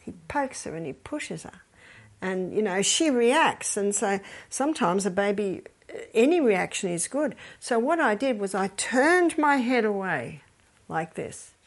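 A woman's voice: mid-range voice, sing-song, unhurried. An older woman, casually giving advice, telling stories and acting out the people in them. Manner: storytelling, acts out quoted voices, quotes scripture.

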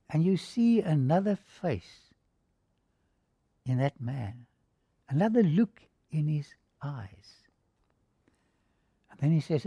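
A man's voice: fairly high pitch, big pitch swings, slow, long pauses, dark tone, breathy edge, dry recording. A man preaching a sermon, posing rhetorical questions and telling a dramatic story to his listeners. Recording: dull lo-fi recording.

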